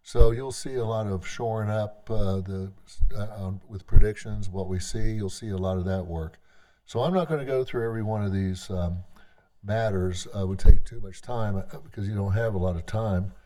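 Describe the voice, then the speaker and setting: Speaking unscripted before a legislative session, a male tribal government leader has a dark, fairly low voice. His delivery is conversational and halting, full of restarts.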